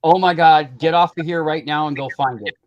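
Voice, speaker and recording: A man's voice: a little high, a little fast, no room sound, dull audio. A man from Minnesota chatting casually and teasing his co-hosts in a jokey way. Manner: teasing, jokey, bursts into goofy bits. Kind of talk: casual banter.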